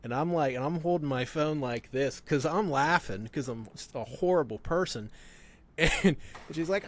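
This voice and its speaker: A man's voice: medium pitch, expressive, normal speed. A man in casual conversation, telling stories with frequent laughter and swearing. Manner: laughs often, profane storytelling. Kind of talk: casual chat.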